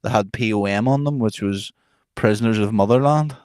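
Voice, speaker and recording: A man's voice: fairly low pitch, brisk, a little mellow, smooth, dry recording, clean studio sound. A man, co-hosting a podcast, telling stories in sweary casual banter while hungover. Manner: sweary storytelling, frequent laughs. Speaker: podcast co-host.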